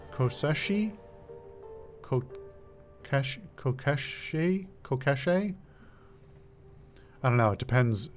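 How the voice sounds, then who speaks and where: Male streamer, relaxed narration of a game, musing aloud, faint music bed. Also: medium pitch. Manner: casual, musing aloud, stumbles on words. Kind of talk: reading a game aloud and commenting.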